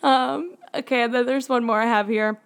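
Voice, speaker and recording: A woman's voice: on the high side, fairly even intonation, normal speed, clear, resonant tone. A young woman co-hosting a casual chat podcast, rambling through memories with lots of fillers and frequent laughter. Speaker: podcast co-host.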